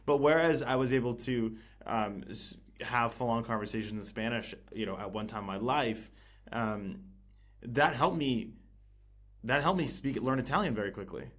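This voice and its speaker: A man in casual podcast conversation, talking in a halting way with many restarts and fillers. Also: medium pitch, fairly bright tone. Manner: hesitant, many restarts and fillers, laughs easily. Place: living in Italy.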